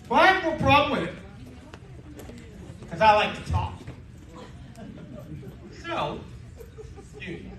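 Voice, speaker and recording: A man's voice: very high-pitched, sing-song, slow pace, long pauses. A man in his sixties doing a stand-up comedy set with brash, crude punchlines on a club stage in a casino. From Canada. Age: 60s. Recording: roomy live club sound from a distance with crowd noise.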